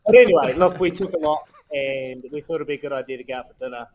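A crowd can be heard behind this New Zealander in his thirties as he fires off candid, self-mocking podcast stories in laddish slang. He talks fast in a fairly high voice, and the audio sounds dull.

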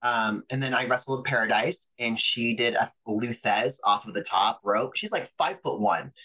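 A young adult man, a pro wrestler guest on a podcast, telling stories in a lively, profane way and acting out other people's voices. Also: medium pitch, moderate pace, low-quality recording. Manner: animated, profane, acts out quoted voices. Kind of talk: casual interview storytelling.

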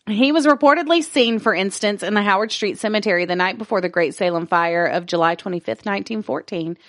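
A woman's voice: medium pitch, brisk, fairly bright tone, no room sound, clean studio sound. A woman co-hosting a casual podcast, reading an article aloud, stumbling over words, laughing and swearing casually along the way.

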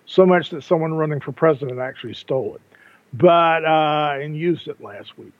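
A man's voice: fairly high pitch, normal speed. An older man co-hosting a casual podcast, talking in rambling sentences with frequent restarts and repeated words. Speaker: podcast co-host. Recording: tinny phone-like line, dry.

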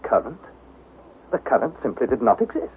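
A man's voice: mid-range voice, sing-song, normal speed, natural voice. A man playing an earnest, anxious young nephew narrating. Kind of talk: 1960s radio drama narration and acting. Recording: tinny, hissy old radio broadcast.

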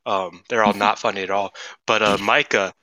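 A man co-hosting a casual podcast, rambling excitably and filling his talk with "like" and "dude". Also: fairly low pitch, a little fast, no room sound, rough recording. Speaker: podcast co-host.

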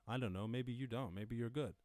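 A man's voice: mid-range voice, a little fast, darkish tone, dry recording. A man with an Irish accent hosting a casual lockdown live stream from home, rambling and joking with plenty of swearing. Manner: profane, jokey, rambling. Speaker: podcast host.

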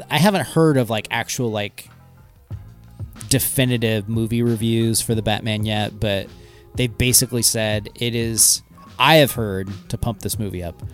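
A man's voice: mid-range voice, a little mellow. A man co-hosting a podcast, chatting casually in a laid-back, amused way. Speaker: podcast co-host. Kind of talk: casual chat.

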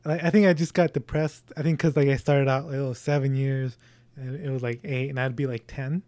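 A man co-hosting a movie podcast in casual chat, playful and quick to laugh. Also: mid-range voice, fairly even intonation, darkish tone, no room sound. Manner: playful, laughs often, tries impressions. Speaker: podcast co-host.

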